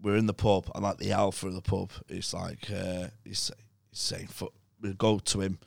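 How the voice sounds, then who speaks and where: A man's voice: low voice, little pitch movement, normal speed, creaky, dry recording. A man telling sweary, rambling anecdotes in casual podcast chat.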